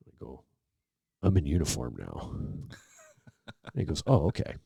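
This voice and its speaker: Middle-aged man with a very deep, gravelly voice, relaxed podcast guest spinning anecdotes and playing out the dialogue. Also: a little slow, no echo. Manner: relaxed anecdotal storyteller, acts out quoted dialogue. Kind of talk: casual storytelling interview.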